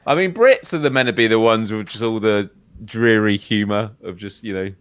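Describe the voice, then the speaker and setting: A British man with a very deep, smooth voice. He chats in a self-deprecating, good-humoured way as a guest on a live stream. The sound is close and dry. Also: normal speed, no echo. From Britain. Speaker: guest co-host. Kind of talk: casual live-stream chat.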